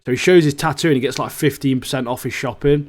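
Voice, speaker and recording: Man, podcast co-host, mid pitch, jokey slangy chat. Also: fast. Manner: chatty, jokey, slangy, says mate a lot. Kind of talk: casual chat.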